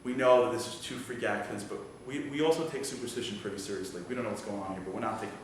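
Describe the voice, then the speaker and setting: A man voicing a calm, stern army commander who speaks low and steady, heard from far off in an echoey hall. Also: racing, noisy background, close to an everyday voice.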